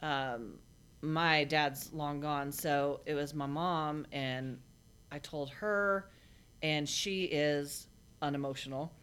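A woman with a low voice talks casually as an interview guest. She recounts her story bluntly and plainly, with frequent halting restarts and fillers. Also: fairly even intonation, fairly bright tone, smooth. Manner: blunt, matter-of-fact.

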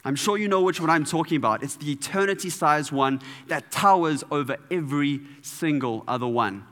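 A man preaching a sermon in a playful, animated way, sometimes adding sound effects. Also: a little high, a little fast, big-room sound.

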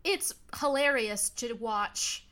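A woman's voice: on the high side, takes it slowly, fairly bright tone. A woman in a casual podcast chat about a film, laughing often and acting out the characters' lines. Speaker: podcast co-host.

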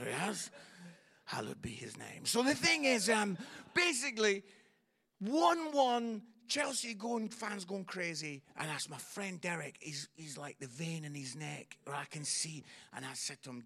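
Lively Scottish man doing stand-up. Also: sits high, measured pace, vocal fry. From Scotland. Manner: chatty storytelling, keeps checking in with the audience. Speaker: stand-up comedian. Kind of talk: stand-up comedy routine.

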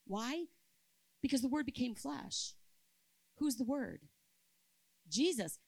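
A woman in her fifties preaches with a gravelly, creaky edge to her voice, recorded dry and close. She tells a personal story from the pulpit, rising to loud, emphatic bursts and then dropping to soft, hushed lines. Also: a little high, normal speed, pauses often, no echo, rough recording. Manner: expressive, swings between loud emphasis and soft quiet storytelling. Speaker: speaker at a church camp. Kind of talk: sermon with storytelling.

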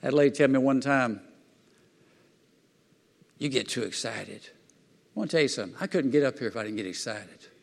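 A man preaching a sermon in a fervent, folksy way, swinging between loud excitement and quiet asides. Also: mid-range voice, quick pace. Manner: folksy plain-spoken preaching. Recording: long hall reverb.

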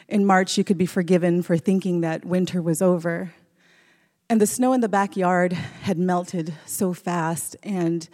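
A woman's voice: lowish voice, warm tone. A woman in her thirties from rural Alaska, telling a personal story on stage in a conversational way with small restarts. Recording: long hall reverb.

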